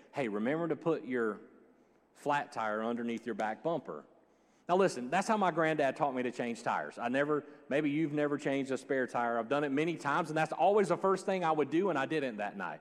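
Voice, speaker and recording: A man preaching a sermon as a joking, animated storyteller. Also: a little high. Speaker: pastor. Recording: long hall reverb.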